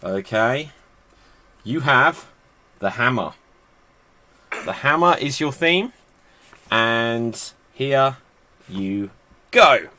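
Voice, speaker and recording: A man hosting an online improv comedy show and making up rhyming poems with quick, laughing asides over a video call. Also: mid-range voice, expressive, pushed and bright.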